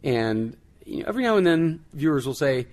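A man's voice: fairly high pitch, very animated, brisk, darkish tone. A man answering interview questions in a casual, amused way, chuckling and restarting sentences. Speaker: guest, tech journalist.

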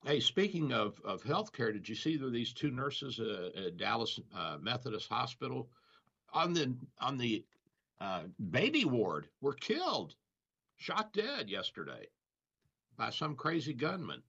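Rambling radio doctor host, lively pitch. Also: male voice, a little slow, creaky, slightly rough. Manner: rambling, storytelling with chuckles. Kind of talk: casual radio banter. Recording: dull lo-fi radio audio.

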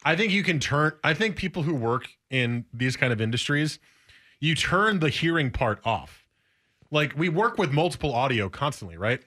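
A man's voice: fairly high pitch, sing-song, moderate pace, sharp tone. A man co-hosting a sports radio show, talking casually and joking with his colleagues in the studio. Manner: joking, talkative.

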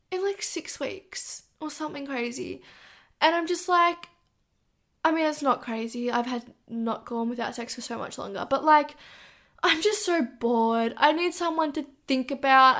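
Aussie girl in her 20s, high voice, swears a lot, animated storytelling on her podcast. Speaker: podcast host. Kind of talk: casual storytelling.

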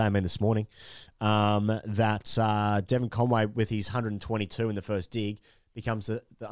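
A man's voice: on the low side, smooth, no echo, studio quality. A man co-hosting a cricket podcast, chatty and a little hesitant, with filler words and easy laughter. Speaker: podcast co-host. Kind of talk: casual cricket chat.

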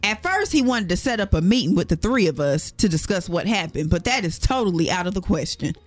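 A woman's voice: on the low side, big pitch swings, brisk, dry recording, faint music behind. A woman hosting a morning radio show, playful and laughing, reading listener letters on air. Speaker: radio co-host.

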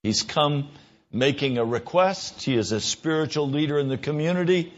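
A man preaching a sermon in an earnest voice, his pitch rising when he stresses a point or acts out a quick exchange. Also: highs cut off. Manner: earnest, rises in pitch for emphasis and mimicked dialogue.

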